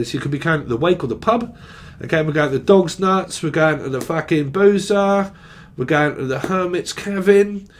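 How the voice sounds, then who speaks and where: A man's voice: on the high side, slight background noise. A man giving a freewheeling channelled tarot reading, rambling and jokey, with a lot of swearing. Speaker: tarot reader.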